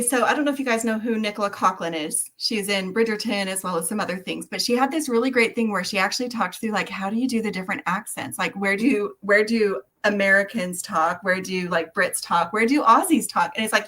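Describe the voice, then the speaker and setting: A woman's voice: mid-range voice, fast talker, hardly any pauses, fairly bright tone. A woman co-hosting a casual beading livestream from home, bubbly and giggly, rambling as she chats.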